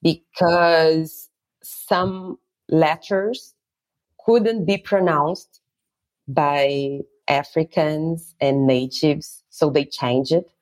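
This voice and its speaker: Slow-spoken Brazilian woman tour guide. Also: sits low, steady tone, darkish tone. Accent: Brazilian Portuguese. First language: Portuguese. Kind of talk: interview conversation.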